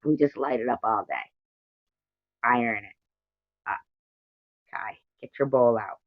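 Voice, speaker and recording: A woman's voice: extremely low pitch, unhurried, no echo. Rambling American woman on a lo-fi livestream. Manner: rambling, giggly, reads out viewer comments. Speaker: livestream host. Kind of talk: casual livestream chat. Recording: dull lo-fi stream audio.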